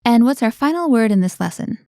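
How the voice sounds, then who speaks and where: A woman hosting a scripted language-lesson podcast, explaining words clearly and prompting her co-host with questions. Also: a little high, lively intonation, brisk, mellow, dry recording, studio quality.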